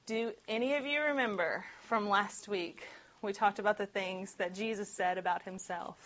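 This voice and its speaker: A woman's voice: mid-range voice, moderate pace, a bit bright, highs cut off. A woman teaching a group Bible study in a casual, conversational way, laughing often and tossing in asides.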